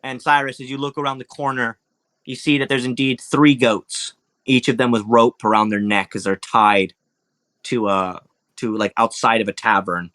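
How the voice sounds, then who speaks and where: A man's voice: medium pitch, level tone, moderate pace, a bit bright. A young man running a tabletop game as dungeon master, narrating casually with many fillers and restarts. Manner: rambling, filler-heavy, laughing.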